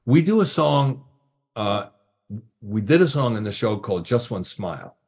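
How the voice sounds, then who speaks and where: A man's voice: mid-range voice, big pitch swings, normal speed, creaky, a little mellow. An older man, a guest drummer, telling anecdotes in casual talk and acting out voices and drum sounds. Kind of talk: casual storytelling.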